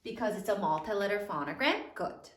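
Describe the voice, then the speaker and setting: A woman teacher giving a slow, sing-song spelling lesson to third graders. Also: medium pitch, lively intonation, reverberant.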